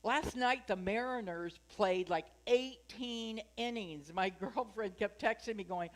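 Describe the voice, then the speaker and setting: A woman's voice: mid-range voice, unhurried, few pauses. A woman minister giving a sermon at a spiritual center, chatty and joking, asking her congregation questions.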